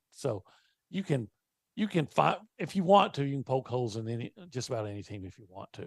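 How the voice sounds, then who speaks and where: Gravelly-voiced man on sports radio. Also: medium pitch, very animated, dry recording, clean studio sound. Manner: wordplay, measured analysis with restarts. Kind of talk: casual sports radio chat. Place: radio studio.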